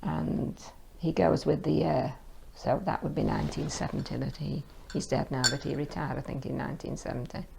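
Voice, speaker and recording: An older woman, pausing often as she searches for names and dates. Her voice is strongly gravelly and sits a little low, with faint noise behind it. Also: darkish tone, poor audio. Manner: hesitant, searching for details. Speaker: interviewee. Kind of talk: oral history interview.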